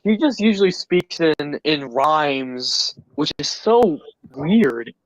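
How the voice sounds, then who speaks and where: A man's voice: fairly high pitch, animated, takes it slowly, dry recording, poor audio. A man joining a livestream as a guest, agreeing and stammering in casual political chat.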